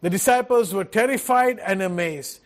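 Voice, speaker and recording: A man's voice: high voice, moderate pace. A man preaching a sermon as pastor, earnest, asking rhetorical questions and repeating key phrases.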